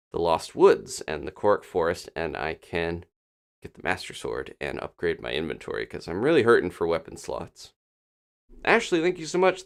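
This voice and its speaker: A man casually commentating his own gameplay on a live stream, chatting and thinking aloud with quick little laughs. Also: sits low. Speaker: gaming streamer.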